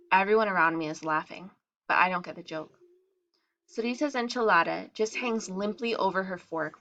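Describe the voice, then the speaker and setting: A woman reading a first-person story aloud, briefly voicing the other girls in their lines. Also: dull audio. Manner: acts out the girls' lines with shifts in pitch and loudness. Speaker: reader.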